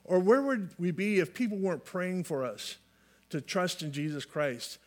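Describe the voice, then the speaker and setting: A man's voice: sits high, expressive, moderate pace. A man from California preaching a sermon in a folksy way, often restarting phrases and adding light humor. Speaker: pastor.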